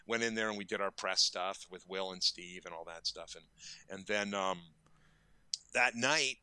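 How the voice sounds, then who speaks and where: A man's voice: lowish voice, a little fast, sharp tone, clean tone, no echo. A man in his fifties, a makeup effects artist, telling stories casually in an interview and acting out quoted lines with bursts of energy.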